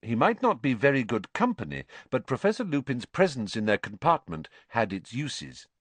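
A man narrating an audiobook in an expressive storytelling manner. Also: mid-range voice, normal speed, breathy edge, no echo.

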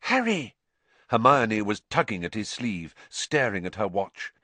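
A man narrating a storybook audiobook with expressive, varied reading. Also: lowish voice, moderate pace, no echo.

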